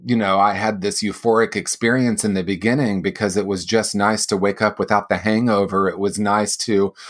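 Earnest man in his sixties, lowish voice. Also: fairly even intonation, normal speed. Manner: earnest, personal, with light laughs. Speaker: guest. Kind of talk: reflective interview answers.

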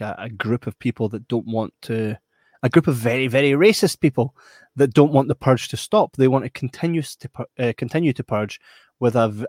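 A man's voice: medium pitch, no echo, clean studio sound. Emphatic Scottish man chatting about a film. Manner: animated, emphatic, acts out quoted voices. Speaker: podcast co-host. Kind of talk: casual chat reviewing a film.

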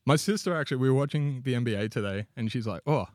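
A man's voice: mid-range voice, very fast, a little mellow, no room sound. Man, Australian accent, casual podcast chat, jokey, rambling, dry sound. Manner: rambling, jokey, laughs often. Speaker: podcast co-host.

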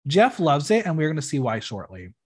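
Animated, opinionated man recapping a show. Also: a little high, fairly quick, slightly rough. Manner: opinionated, expressive, swears freely. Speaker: podcast host recapping a reality show. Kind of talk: casual recap chat.

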